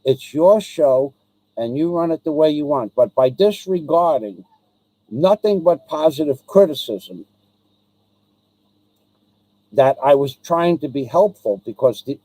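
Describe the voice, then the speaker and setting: A man's voice: a little high, dark tone, no room sound, low-quality recording. A man hosting his own live stream, speaking directly to a viewer in an aggrieved, repetitive way, with frequent ums and restarts. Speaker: livestream host.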